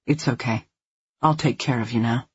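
A narrator voicing a flat, menacing abductor. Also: mid-range voice, normal speed, breathy edge, pitched below the performer's own voice. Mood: falsely soothing. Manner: flat, terse, scornful. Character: cold, menacing male abductor. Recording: dull lo-fi recording.

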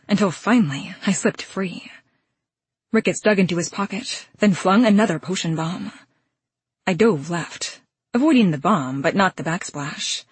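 Husky-voiced woman narrating an audiobook. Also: lowish voice, no room sound. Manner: brisk and dramatic, sharp outbursts in action. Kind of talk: first-person audiobook narration.

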